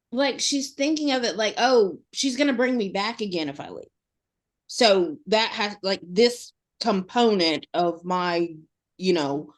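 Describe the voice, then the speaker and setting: A woman co-hosting a podcast in casual chat, rambling with lots of fillers and restarts. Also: mid-range voice. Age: adult mother. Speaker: podcast co-host.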